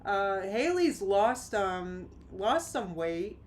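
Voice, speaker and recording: A woman's voice: medium pitch, extremely slow, slight background noise. A woman hosting a live react stream, chatting casually, exclaiming and reading out viewer comments. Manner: animated, exclaiming, reads chat aloud.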